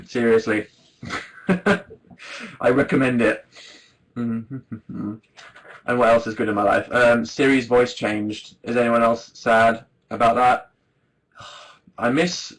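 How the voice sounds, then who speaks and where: A man's voice: mid-range voice, a bit bright, poor audio. Rambling young man chatting on livestream. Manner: rambling, self-deprecating, laughs often. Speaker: livestream host. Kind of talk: casual chat to viewers.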